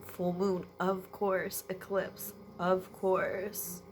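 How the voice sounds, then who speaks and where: Teary, soft-spoken woman reader. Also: fairly low pitch, level tone, drawn-out words, a little hiss or hum. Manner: emotional, sniffly, trailing off, laughing through tears; tired, late at night. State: teary and congested from crying. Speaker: tarot energy reader. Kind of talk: late-night solo reading to camera.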